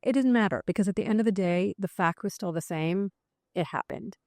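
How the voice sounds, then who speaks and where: A woman being interviewed, talking in an animated, conversational way with frequent restarts and fillers. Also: medium pitch, brisk, dry recording, studio quality. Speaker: psychiatrist guest.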